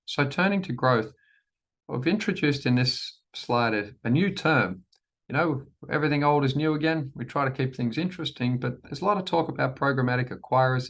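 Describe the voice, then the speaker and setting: A man leading a formal presentation to shareholders, measured and deliberate, repeating key phrases and often restarting sentences. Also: mid-range voice, vocal fry. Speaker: company chief executive presenting to shareholders.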